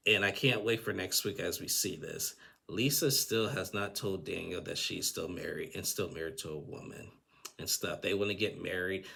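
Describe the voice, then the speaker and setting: Male recapper, low gravelly voice, casual and rambling, with restarts. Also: pushed and bright. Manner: rambling, with frequent restarts and chuckles. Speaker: TV recap host.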